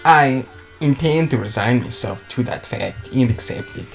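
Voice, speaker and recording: Quiet regretful eldest brother, medium pitch, faint music underneath, read by a man. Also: expressive, normal speed, gravelly. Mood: resigned. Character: stern middle-aged eldest brother, regretful. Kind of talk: reading a visual novel aloud.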